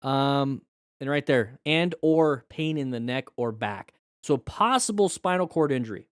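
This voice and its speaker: A man's voice: mid-range voice, expressive, measured pace, clean tone, no room sound, clean studio sound. A man hosting a casual live stream, chatty and joking as he explains first aid. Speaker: live-stream host reviewing crash videos.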